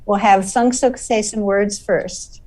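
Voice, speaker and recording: Woman host, slow measured delivery, announcing award winners, mic set at a distance. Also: medium pitch, fairly even intonation, darkish tone. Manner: measured, checks name pronunciations.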